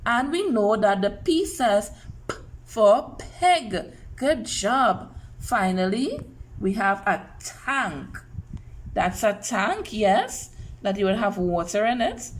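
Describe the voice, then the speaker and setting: A woman teaching a phonics lesson to young children, sounding out letters slowly and clearly and praising them. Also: medium pitch, very animated, rough recording.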